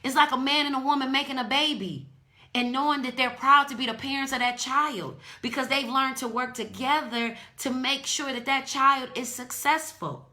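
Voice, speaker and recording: A woman's voice: high voice, normal speed, sharp tone. A woman hosting a podcast, delivering an impassioned, preachy monologue with indignant emphasis. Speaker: podcast host.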